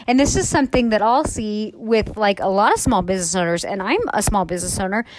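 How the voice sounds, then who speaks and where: A woman's voice: mid-range voice, quick pace, slight background noise. A woman in her thirties, a salon owner talking candidly in a casual podcast chat, rambling with lots of fillers and the odd swear word.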